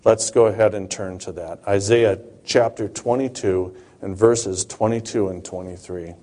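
A man preaching a sermon, reading Bible verses aloud and explaining them in a slow, measured way. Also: fairly low pitch, fairly even intonation, warm tone.

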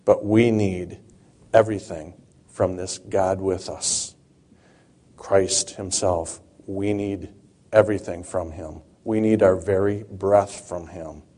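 A man preaching a sermon, reading Bible verses aloud and explaining them in a slow, measured way. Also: on the low side, dark tone.

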